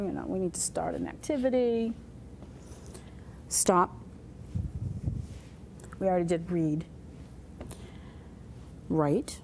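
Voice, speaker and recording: A woman with a slightly low voice leads a classroom lesson, calmly walking her students through each sign step by step. Her tone is patient and demonstrative. A faint room hum sits behind her voice. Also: slow, gravelly, long pauses. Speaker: sign language teacher. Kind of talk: classroom instruction. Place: community center classroom.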